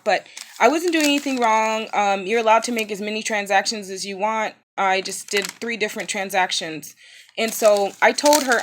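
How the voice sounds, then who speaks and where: A woman in her thirties recounts a bad day in a casual vlog. She talks at a middling pitch, hesitating with fillers and restarting her sentences. She sounds upset and worn from pain after recent surgery. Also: a little hiss or hum. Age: 30s. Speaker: vlogger.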